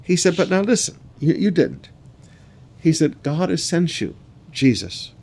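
A man preaching a sermon, reading scripture aloud in slow measured phrases and breaking in with quick, chuckling asides. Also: fairly high pitch, big pitch swings, creaky, darkish tone, slightly rough. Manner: reads scripture slowly, then adds quick asides with laughs.

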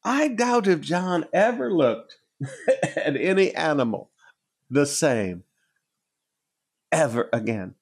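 A man preaching a sermon, emphatic and repetitive, dropping from loud declarations to hushed tones and chuckling between points. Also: a little high, big pitch swings, takes it slowly, pauses often, slightly rough. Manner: emphatic, repeats words for effect, swings between loud and hushed.

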